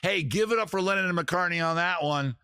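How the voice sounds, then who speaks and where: A man's voice: high-pitched, brisk, gravelly. A man hosting a casual music and drinking show, rambling through self-mocking jokes between songs. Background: guitar music.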